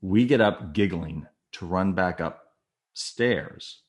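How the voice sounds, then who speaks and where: Speaking slowly in a low voice, a middle-aged storyteller guest tells a listener a candid personal anecdote. He brings the story's characters to life by performing their voices, staying animated, self-deprecating, and quick to laugh.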